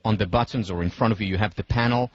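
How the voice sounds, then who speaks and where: A man delivers a university lecture in a husky, somewhat breathy voice. He talks deliberately and stresses his points by slowing down. The sound is dry and a little dull, like a muffled classroom recording. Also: on the low side, dry recording. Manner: walks listeners through scenarios step by step.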